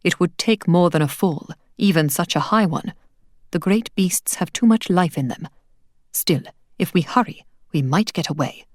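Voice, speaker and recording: A woman's voice: lowish voice, lively intonation, normal speed, dry recording, studio quality. Woman doing a curt, tall warrior man. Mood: practical. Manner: curt and practical. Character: tall, stern, practical male warrior leader.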